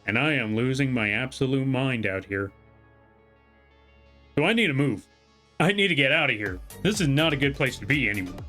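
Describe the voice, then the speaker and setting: A man's voice: mid-range voice, expressive, moderate pace, pauses often, pushed and bright, faint music behind. A male streamer in casual livestream chat, rambling and exasperated, often correcting himself mid-sentence. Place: home room.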